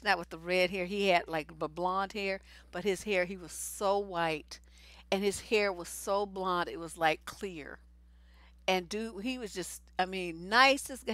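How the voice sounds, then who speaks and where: A woman's voice: medium pitch, fairly bright tone, no room sound. A woman giving blunt, slangy relationship advice in a casual live stream. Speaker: relationship coach.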